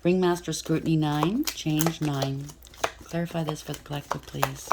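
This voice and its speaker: Low-voiced woman tarot reader, chatty, blunt, thinks aloud. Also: steady tone, normal speed, very noisy. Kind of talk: casual tarot reading to camera.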